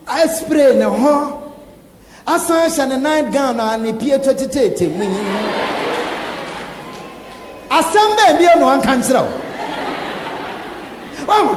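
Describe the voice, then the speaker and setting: A man with a Ghanaian accent preaching a sermon, animated and laughing, acting out quoted lines. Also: extremely high pitch, noisy background. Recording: echoey hall with faint ambience.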